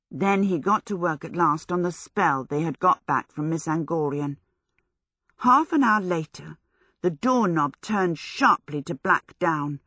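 This audiobook narration features a woman reading a storybook with a low, measured delivery and an even storytelling rhythm. Her voice sounds close-miked and dry, with no surrounding room at all.

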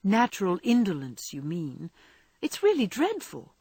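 A woman's voice: mid-range voice, wildly swooping pitch, measured pace, darkish tone, breathy edge, no echo, heavily acted. A woman reading an earnest, scolding young woman. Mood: lecturing. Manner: earnest, lecturing.

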